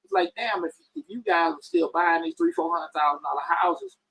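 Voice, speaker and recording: Animated, husky-voiced man hosting a podcast. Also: brisk, no room sound, low-quality recording. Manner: talks in bursts with many restarts, pitch jumping up emphatically. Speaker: podcast host. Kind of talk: casual call-in podcast discussion.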